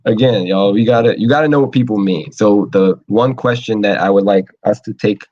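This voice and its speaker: Animated man hosting an advice show. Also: on the low side, normal speed, lo-fi sound. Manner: animated, acts out quoted voices, laughs often. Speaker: talk show host. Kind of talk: casual advice talk.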